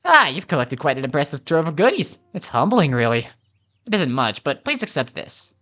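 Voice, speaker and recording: A man's voice: fairly high pitch, sing-song, moderate pace, bright, forceful tone. Man reading a courteous treasure appraiser. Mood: polite.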